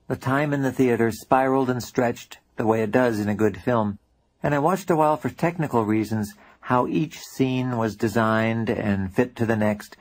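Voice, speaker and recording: Husky male audiobook narrator. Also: fairly low pitch. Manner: plain, reflective storytelling. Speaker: author reading his own book.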